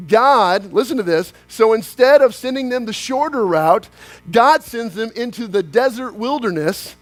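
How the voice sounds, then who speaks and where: A man with a high, light voice delivers a church sermon. He tells his story with drama, acts out the lines of dialogue, and moves between slow emphatic phrases and quick bursts. Soft music plays faintly behind him. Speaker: pastor.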